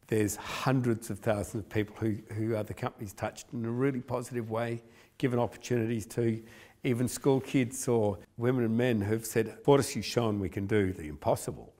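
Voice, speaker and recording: A man's voice: medium pitch, fairly even intonation, moderate pace, warm tone. A man, a company founder, telling stories in an earnest, emotional interview. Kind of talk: reflective interview.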